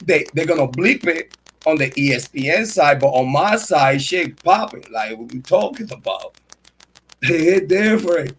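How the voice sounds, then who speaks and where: A man with a high-pitched voice talks on a casual livestream in a boastful, swaggering way, full of street slang. A faint hiss sits under his voice. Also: lively intonation, measured pace, a bit bright, low-quality recording. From Puerto Rico. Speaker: true crime and sports commentary host.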